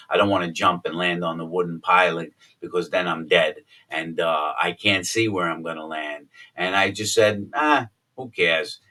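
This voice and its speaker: A man with a low, deep voice talks through a personal story in a loose, rambling way, stopping for fillers and starting sentences over. His tone is bright and cutting. He sits a little back from the microphone. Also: distant mic. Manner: rambling, lots of fillers and restarts, acts out quotes loudly.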